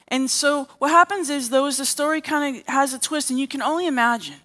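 Woman preacher with a high voice, delivers a sermon by retelling stories and voicing the characters. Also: a little fast, a bit bright. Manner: storytelling, acting out quoted characters. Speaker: preacher and therapist.

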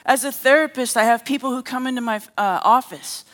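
Woman preacher with a high voice, delivers a sermon by retelling stories and voicing the characters. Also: a little fast, fairly bright tone. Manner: storytelling, acting out quoted characters. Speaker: preacher and therapist.

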